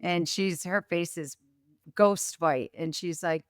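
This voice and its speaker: A woman in her forties, a business founder as interview guest, telling stories in a lively way and acting out the voices of the people in them. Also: lowish voice, takes it slowly, dry recording, clean studio sound. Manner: animated storyteller, acts out quoted voices. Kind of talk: casual interview chat.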